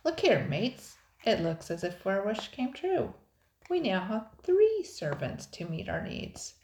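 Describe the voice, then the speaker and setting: A woman's voice: medium pitch, very animated, takes it slowly, a little hiss or hum, pitched above the performer's own voice. A woman reading a storybook aloud, voicing a huge menacing male pirate who hollers his lines. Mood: gloating. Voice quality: loud hollering. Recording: roomy echo.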